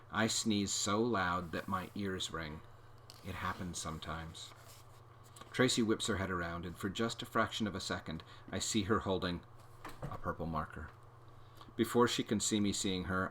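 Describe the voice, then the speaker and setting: Low, bright-voiced man reading a children's book. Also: slight background noise. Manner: expressive, animated storytelling. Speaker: read-aloud host. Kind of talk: children's book read-aloud.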